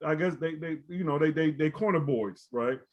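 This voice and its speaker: A man's voice: a little high, moderate pace. A man telling a story in casual chat, laid-back and often asking "right?". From Baltimore. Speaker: co-host. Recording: slightly dull audio.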